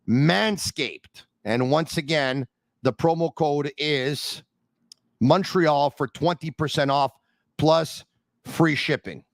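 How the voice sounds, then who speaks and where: A man's voice: mid-range voice, dry recording. A man hosting a hockey podcast, reading ads and talking straight to listeners with an emphatic, upbeat manner. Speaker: podcast host. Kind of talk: energetic podcast hosting and ad reads.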